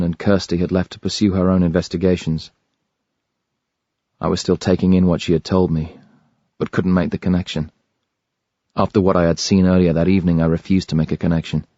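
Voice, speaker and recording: A man with a very deep voice narrates a first-person thriller in a measured, grave tone. The sound is dry and close. The top end is a little dull. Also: mellow, no room sound. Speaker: audiobook narrator. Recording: dry, slightly dull studio recording.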